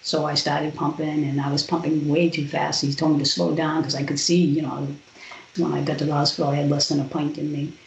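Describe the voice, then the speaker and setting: A woman, a podcast guest, telling a personal story in an animated way and acting out the other people's lines. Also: deep voice, brisk, creaky, slight background noise. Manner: animated retelling with quoted voices. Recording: roomy, dull lo-fi sound.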